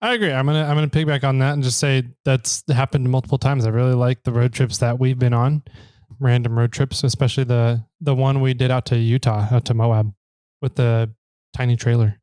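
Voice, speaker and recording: A man in an easygoing podcast chat, his voice at a middle pitch and speaking in a relaxed way. The sound is dry and close, with little room echo. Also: brisk, smooth. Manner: relaxed, signs off with a catchphrase. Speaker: podcast host. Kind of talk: casual chat.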